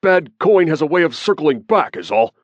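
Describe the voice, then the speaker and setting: A surly, treacherous thug who spits insults and mutters sullenly, as a male narrator puts him on. The voice leaps about in pitch over a dry, slightly dull recording. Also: big pitch swings, moderate pace, no echo. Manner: spiteful, muttering.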